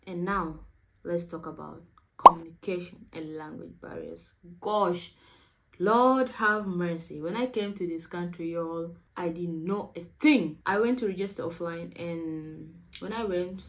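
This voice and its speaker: A young woman from Africa, a university student, chatting quickly and casually to camera, saying "y'all". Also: on the low side, rough recording. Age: young adult.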